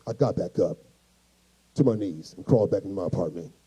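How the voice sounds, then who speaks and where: A man's voice: low-pitched, a little fast, husky, rough recording. A male stand-up comedian from the United States telling a profane story, acting out voices. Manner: animated, profane, acts out voices.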